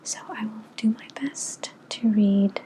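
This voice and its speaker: A young woman giving a whispered ASMR book review in a soft, unvoiced whisper, gentle and unhurried with little filler pauses. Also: fairly high pitch, rough recording. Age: young adult.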